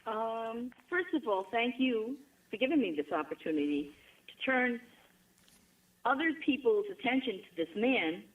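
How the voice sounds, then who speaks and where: A woman's voice: a little high, animated, a little slow, phone-quality sound. A middle-aged woman from Rhode Island with a New England accent, chatting as a guest and repeating words for emphasis. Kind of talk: conversational interview.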